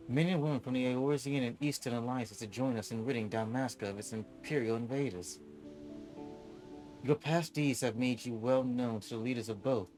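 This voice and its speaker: A man's voice: medium pitch, normal speed, music in the background, close to an everyday voice. A man reading a smug warrior general woman.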